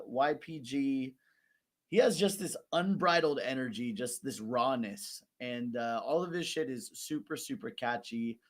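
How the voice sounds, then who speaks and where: A man hosting an online rap tournament recap, talking in a casual, joking and profane way. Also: medium pitch.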